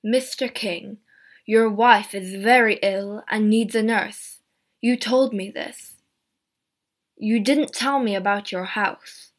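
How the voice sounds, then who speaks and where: A woman voicing a calm male police inspector who questions suspects in a measured, steady way. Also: mid-range voice. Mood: accusing.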